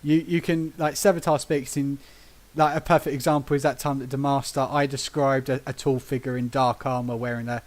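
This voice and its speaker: A man's voice: medium pitch, fairly quick. A man from Britain hosting a casual podcast, telling tabletop game stories with acted-out quotes and frequent laughter. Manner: animated storyteller who acts out quotes and laughs often. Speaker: podcast host.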